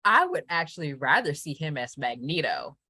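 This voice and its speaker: Low-voiced bright woman chatting. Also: sing-song, normal speed, husky, no room sound. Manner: opinionated, laughs often. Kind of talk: casual chat.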